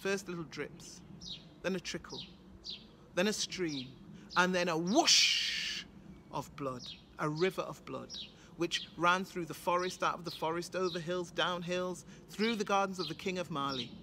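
A woman's voice: on the low side, normal speed, fairly bright tone, slight background noise. A woman from Britain with a British accent, telling a folktale with rhythmic, dramatic repetition. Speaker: storyteller. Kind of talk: oral folktale storytelling.

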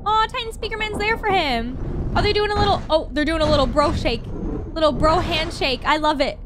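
A woman hosting a reaction video, excitable and talking straight to her viewers, often gasping and giggling. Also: extremely high pitch, fairly quick, noisy background. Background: loud background music.

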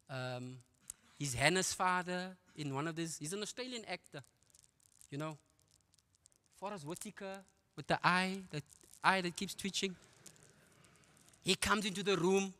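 A middle-aged South African man tells his testimony to a church men's conference, and his storytelling is lively, with quick asides. His voice sits a little high and sounds bright and forceful. It rings with the long reverb of a large hall. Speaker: guest speaker giving testimony. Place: church auditorium.

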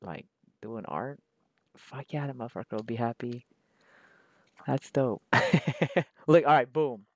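A man with a mid-range voice talks slowly, pausing often, in a recording with no room sound. He's an artist drawing on camera, rambling casually in a slangy, profane, laid-back way as he works.

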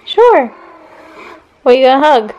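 A woman's voice: on the high side, fairly even intonation, measured pace, dull audio. A young woman talking to her toddler at home for a family vlog, playful and teasing. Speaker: parent vlogger.

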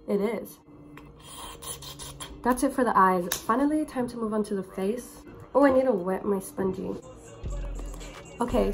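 Young female beauty vlogger, hoarse from a cold, casual chatty delivery, music underneath. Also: mid-range voice. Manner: chatty, slangy and playful. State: sick, with a hoarse voice. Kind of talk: casual get-ready-with-me chat.

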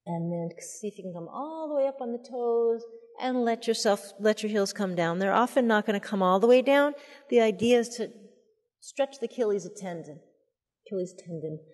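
A woman leading a mother and baby yoga class, giving gentle, soothing cues and cooing at the babies. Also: medium pitch, expressive, normal speed, long reverb tail. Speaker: yoga instructor. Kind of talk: guided yoga class instruction.

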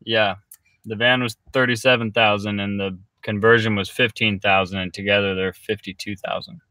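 A man's voice: lowish voice, flat delivery, normal speed, pushed and bright, dry recording. A young man co-hosting a casual van livestream, joking around and thanking viewers. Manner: laid-back and joking, thanks viewers for donations. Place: camper van.

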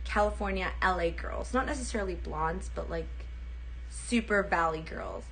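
Chatty young woman with bright voice. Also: lowish voice, normal speed, creaky, slight background noise. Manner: chatty, self-deprecating, giggly. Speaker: livestreamer. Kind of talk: casual livestream chat.

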